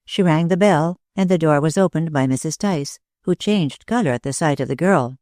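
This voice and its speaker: Dry, measured audiobook narration. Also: medium pitch, darkish tone, dry recording.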